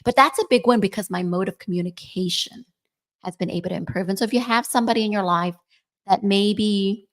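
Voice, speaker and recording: Gravelly-voiced woman in her forties. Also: medium pitch, fairly quick. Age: 40s. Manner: chatty, often ends points with "right?". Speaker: podcast co-host. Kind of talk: casual podcast chat.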